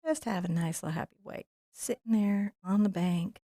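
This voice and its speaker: A woman teaching a live painting tutorial in a soft, soothing voice as she paints. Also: medium pitch, moderate pace, no room sound, clean studio sound. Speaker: painting instructor.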